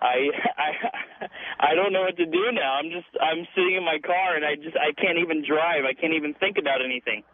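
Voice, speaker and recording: A man's voice: a little high, moderate pace, dry recording. A young man calling a radio show from his car, anxious and panicked. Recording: tinny phone line.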